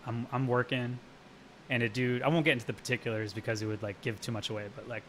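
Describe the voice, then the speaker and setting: A man's voice: medium pitch, level tone, fast talker, fairly bright tone. Regular guy on a homebrew livestream, swears a lot, rambly chatty talk, faint hum in the room. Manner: rambling, profane, laughs while telling stories. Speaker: homebrewer streaming live. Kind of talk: casual live-stream chat.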